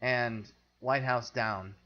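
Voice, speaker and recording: A man's voice: mid-range voice, fairly even intonation, slow, lo-fi sound. Rambling, opinionated man in podcast chat. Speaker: film podcast host. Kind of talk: casual chat.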